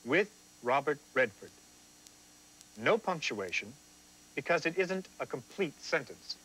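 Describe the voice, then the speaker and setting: A man's voice: medium pitch, big pitch swings, measured pace, sharp tone, poor audio. A man hosting a scripted TV writing lesson, explaining things in a dry, self-deprecating way. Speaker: teacher and host.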